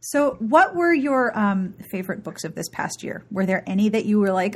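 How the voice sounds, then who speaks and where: Brief: woman podcast host, husky texture, jokey, casual banter. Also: medium pitch, moderate pace, hardly any pauses. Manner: laughs often, joking, trails off quietly. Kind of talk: casual chat.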